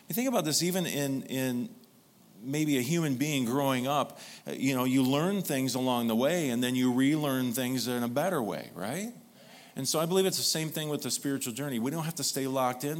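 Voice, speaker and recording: A male pastor delivering a sermon, drawing the congregation in with repeated call-and-response prompts. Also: mid-range voice.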